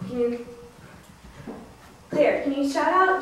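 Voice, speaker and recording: A young woman student teacher telling a Bible story to first graders, animated, acting out voices and prompting the children. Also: high-pitched, measured pace. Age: young adult. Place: school classroom. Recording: echoey room from far off with noise.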